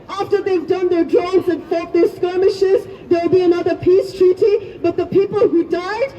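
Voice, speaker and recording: A woman's voice: very high-pitched, warm tone. A woman giving an impassioned protest speech outdoors, leading the crowd in chants. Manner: fervent, leads crowd chants. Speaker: rally speaker. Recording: distant, dull lo-fi, faint crowd.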